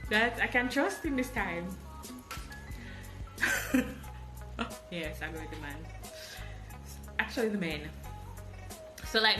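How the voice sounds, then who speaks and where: Telling a travel story with lively energy, this Jamaican-accented podcast host acts out the dialogue as she goes. She speaks at medium pitch, and the recording has a roomy sound.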